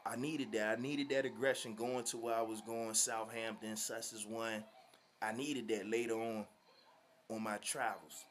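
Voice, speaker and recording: A man from Virginia telling a story to his viewers in a slangy, animated, laughing way. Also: fairly low pitch, moderate pace, a little hiss or hum. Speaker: vlogger. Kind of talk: casual storytelling.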